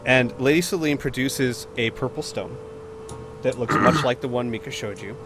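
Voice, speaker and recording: A man running a tabletop game as game master, describing the scene with lively storytelling. His voice sits at a middling pitch, and music plays in the background. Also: moderate pace.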